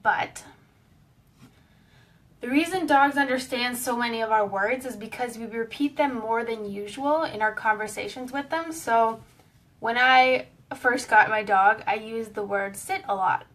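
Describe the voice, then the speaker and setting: Woman teaching, a bit high, mic distant. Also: a little slow, a bit bright. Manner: friendly, explanatory, with small fillers. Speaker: pet wellness educator. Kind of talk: casual online lesson.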